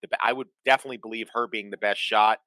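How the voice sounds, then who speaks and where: A man co-hosting a casual chat, explaining things in a halting way with many restarts. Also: lowish voice, fairly even intonation, bright, forceful tone, dry recording.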